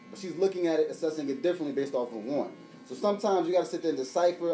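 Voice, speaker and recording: A man's voice: a little high, fast, mellow, roomy sound, faint music behind, low-quality recording. A man on a podcast explaining his view in a plain-spoken casual chat.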